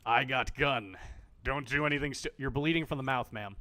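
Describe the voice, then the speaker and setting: A man with a pushed, bright, medium-pitched voice streams a game at normal speed, giving casual commentary. He jokes around, swears freely, and addresses the on-screen characters directly.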